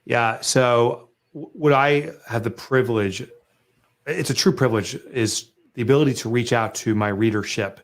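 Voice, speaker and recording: A middle-aged man, an author and guest, talking business in an animated, emphatic way and acting out sales pitches in lively asides. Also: moderate pace.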